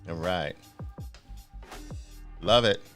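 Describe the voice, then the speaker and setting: A man's voice: low voice, drawn-out words, a bit bright, faint music behind. A man hosting a live online trading presentation, energetically hyping his viewers with repeated rallying calls before settling into explaining. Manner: greets viewers by place names, then settles into explaining.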